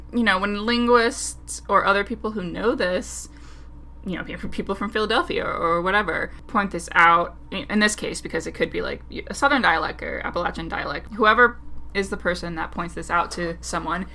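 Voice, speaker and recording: A woman's voice: mid-range voice, normal speed, sharp tone. A woman co-hosting a casual podcast chat, laughing often and talking in loose, hedging run-on sentences. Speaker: podcast co-host.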